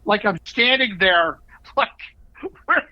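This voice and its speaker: A middle-aged man, an actor being interviewed, telling animated stories with quick asides. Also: high-pitched, no room sound. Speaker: actor guest. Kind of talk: casual interview storytelling. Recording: dull lo-fi audio.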